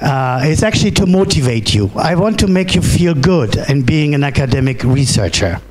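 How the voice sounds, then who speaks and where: A middle-aged man with a German accent delivers a keynote at a conference. His voice sits a little high for a man. He speaks haltingly, restarts often and keeps asking "right?". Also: expressive, background noise. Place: conference hall.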